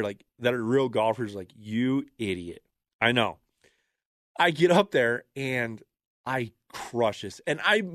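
A man tells a story on his solo podcast, his voice rising and falling and jumping up high whenever he acts out someone's shouted line. He laughs along as he talks. The sound is dry and close to the mic. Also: no room sound. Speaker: radio producer and podcast host.

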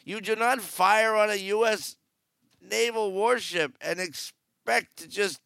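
A man's voice: sits high, slow pace, creaky, sharp tone, no echo, studio quality. A man in his seventies hosting a podcast, giving blunt, rambling, sarcastic news commentary. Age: 70s. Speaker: podcast host. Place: aboard a cruise ship.

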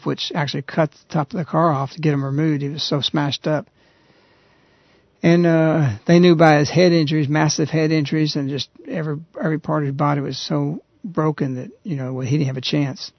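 A man hosting a radio talk show, earnestly retelling a story in a halting, conversational way. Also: fairly high pitch, steady tone, dry recording. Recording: dull, lo-fi radio recording.

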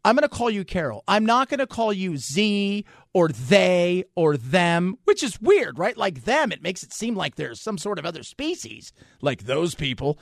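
A man's voice: high-pitched, big pitch swings, moderate pace, vocal fry, no room sound, studio quality. A man hosting a radio talk show, fired up and sarcastic as he rants.

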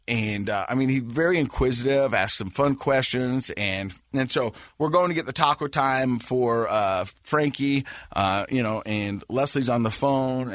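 A man in his forties hosting a casual podcast chat, telling stories with a lively, laughing manner. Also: medium pitch, no echo, clean studio sound. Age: 40s. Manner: animated storytelling, laughs often. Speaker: podcast host.

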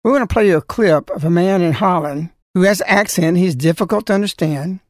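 A man's voice: high-pitched, fairly quick, dry recording, clean studio sound. A man giving a scolding religious talk, full of rhetorical questions and warnings. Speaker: religious speaker. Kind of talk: preaching talk.

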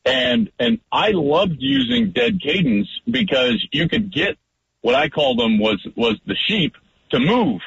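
A man, a former quarterback, talking football on a radio show and acting out his line calls with big jumps in pitch. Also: unhurried, vocal fry, highs cut off, slight background noise. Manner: lively, acts out line calls loudly. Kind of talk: animated sports talk.

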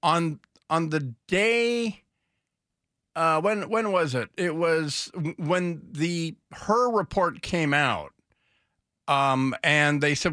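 A man's voice: on the high side, slow pace, sharp tone, no echo, studio quality. Sarcastic talk radio host, man. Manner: sarcastic, mocking. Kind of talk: casual political commentary.

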